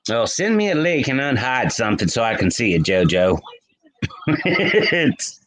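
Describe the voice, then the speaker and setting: Man, livestream host, casual chat, laughs often, lively pitch. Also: a little slow, slight background noise, rough recording. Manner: chatty, laughs often, talks to chat by name.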